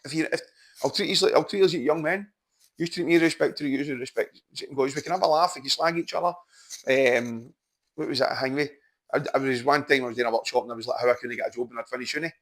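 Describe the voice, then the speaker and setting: A Scottish man, a mindset coach, telling stories in casual podcast chat, animated and swearing freely. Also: medium pitch, fast. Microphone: podcast microphone.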